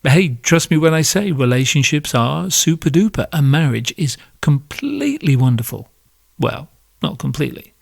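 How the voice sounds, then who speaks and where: A man's voice: on the high side, sing-song, moderate pace, creaky, dry recording. A man hosting a podcast, delivering a sarcastic comedic monologue that builds into sweary rants. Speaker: podcast host.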